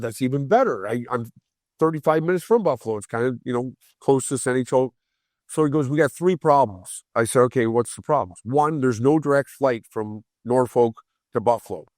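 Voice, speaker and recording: A man in his forties tells a story on a podcast with lots of energy. He jumps into the voices of the people in the story and stumbles over his words when he gets excited. The sound is close and dry, with no room around it. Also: medium pitch, no room sound. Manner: animated, acts out quoted voices, repeats words when excited. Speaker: guest storyteller.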